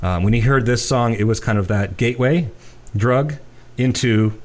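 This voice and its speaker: A man's voice: medium pitch, normal speed, a little mellow. A middle-aged man co-hosting a casual music chat, telling stories with lots of restarts and fillers. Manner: chatty storyteller, many restarts and fillers. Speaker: podcast co-host.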